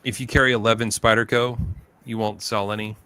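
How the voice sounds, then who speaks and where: A man's voice: fairly low pitch, level tone, fairly quick, pushed and bright, clear, resonant tone. A man hosting a livestream in casual chat, telling easygoing stories and acting out quotes. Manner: easygoing storyteller, acts out quotes. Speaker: livestream host.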